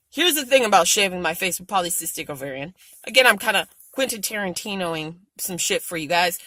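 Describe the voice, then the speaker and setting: A woman vlogger venting frankly to camera, swearing a lot and growing animated and exasperated. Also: dry recording, rough recording. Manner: frank, heavily profane venting; animated, rising to high exasperation. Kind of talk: casual vlog rant to camera.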